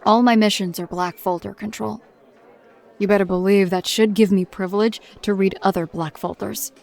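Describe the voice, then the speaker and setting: A woman's voice: medium pitch, fairly even intonation, moderate pace, vocal fry, a little mellow, close to an everyday voice. An actress voicing a hardened middle-aged mother and paranormal agent, who tells her report in a blunt, grim, dry-humored way. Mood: weary. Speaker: narrator of a recorded report. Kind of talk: audio drama monologue.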